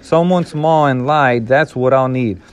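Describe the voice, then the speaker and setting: A man's voice: mid-range voice, measured pace, natural voice. A man reading the lines of an obsessive, brusque man who mutters and answers curtly. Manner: curt, muttering.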